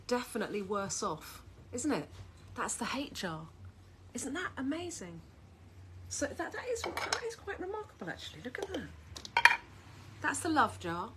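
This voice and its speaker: A middle-aged woman, talking casually and at length to camera at home in a chatty, animated way. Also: mid-range voice, very noisy. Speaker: vlogger.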